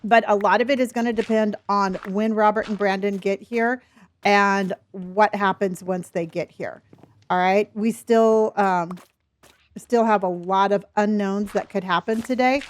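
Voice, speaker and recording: A woman's voice: medium pitch, steady tone, unhurried. A middle-aged woman livestreaming a game, chatting casually and rambling as she reads her chat and laughs often. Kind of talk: casual chat while gaming.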